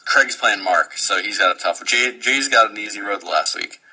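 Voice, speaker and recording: A man's voice: lowish voice, bright, forceful tone, soft background music, low-quality recording. A man hosting a podcast about fantasy baseball in casual chat, asking questions and joking. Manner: quick, joking, asks questions.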